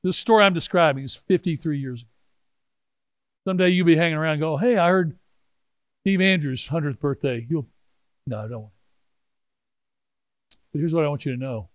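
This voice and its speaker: A man in his sixties telling a personal story in a sermon, swinging from hushed asides to loud exclaiming. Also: fairly high pitch, animated, fairly quick, long pauses, no echo. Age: 60s. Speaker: pastor.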